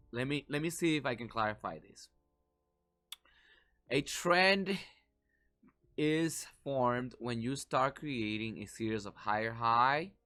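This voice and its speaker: A man casually walking viewers through market charts, animated and talkative, acting out the panicked reactions of others. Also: lowish voice. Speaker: market commentary vlogger.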